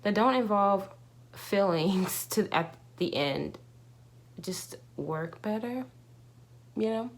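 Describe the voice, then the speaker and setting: A woman's voice: medium pitch, takes it slowly, long pauses. A young woman talking casually to camera in a candid, rambling vlog, with many fillers and restarts. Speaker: vlogger.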